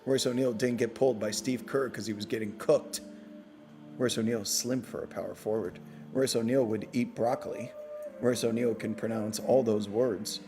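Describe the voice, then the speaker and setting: A man's voice: medium pitch, fairly even intonation, fairly quick, music in the background. A man hosting a casual live postgame show, bantering playfully with his audience and teasing himself. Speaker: podcast host.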